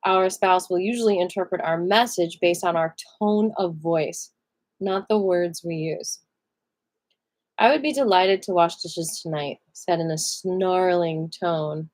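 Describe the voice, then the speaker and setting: A woman's voice: on the low side, moderate pace, a little mellow. A tired woman reading a self-help book aloud on a live stream, breaking off now and then for chatty asides. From American.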